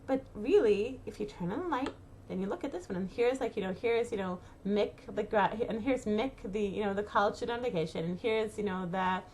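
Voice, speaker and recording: A woman's voice: medium pitch, fairly quick, a little mellow, a little hiss or hum. A middle-aged woman giving casual spoken advice to mothers, talking with many fillers and restarts and acting out worried inner thoughts. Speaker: inspirational speaker to mothers.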